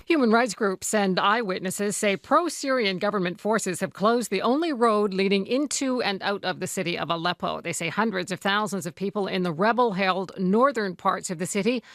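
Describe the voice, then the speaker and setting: A woman's voice: medium pitch, a bit bright, dry recording. Woman reading news in a dry studio. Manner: measured, formal delivery. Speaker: news presenter.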